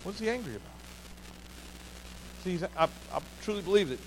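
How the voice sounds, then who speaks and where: A man's voice: high voice, sing-song, brisk, noisy background. A man preaching a sermon in an earnest way, often repeating key phrases for emphasis. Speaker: pastor.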